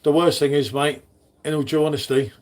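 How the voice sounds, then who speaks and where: A man's voice: on the high side, fairly even intonation, brisk. A man hosting a casual live stream, chatting with viewers in the chat by name. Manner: chatty, matey, talks to chat readers by name.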